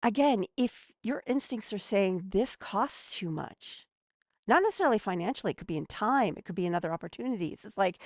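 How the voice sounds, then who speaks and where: A woman's voice: mid-range voice, animated, brisk, a little mellow, no room sound, clean studio sound. A woman giving casual advice as a podcast guest, chatty and a bit snarky.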